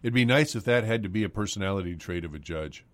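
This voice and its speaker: A man hosting a morning radio news interview, talking haltingly with many fillers and restarts. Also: fairly low pitch, no room sound.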